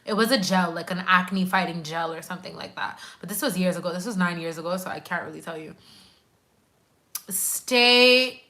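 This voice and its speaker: A woman's voice: lowish voice, fairly even intonation, quick pace, few pauses, bright, forceful tone. A woman from Quebec, a nurse and YouTuber, chatting casually on a live stream and reacting to viewer comments with slangy, emphatic asides. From Quebec, Canada.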